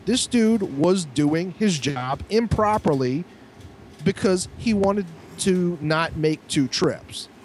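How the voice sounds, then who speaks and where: A man co-hosting a podcast, telling a profane, animated story with lots of restarts. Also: high voice, slow, a little hiss or hum. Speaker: podcast co-host. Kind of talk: casual storytelling chat.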